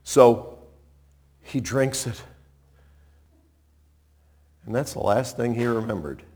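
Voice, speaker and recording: A man preaching a sermon, retelling a story in a conversational way, with dramatic swings from loud to hushed. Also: mid-range voice, takes it slowly, husky. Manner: animated, conversational, dramatic shifts in loudness.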